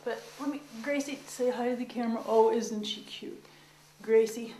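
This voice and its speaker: A woman's voice: a little high, fairly even intonation, normal speed, warm tone. A woman filming herself at home, chatting casually and talking soothingly to her cats. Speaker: vlogger. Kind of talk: casual self-filmed home video chat. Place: bathroom at home. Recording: echoey tiled bathroom, camera far off.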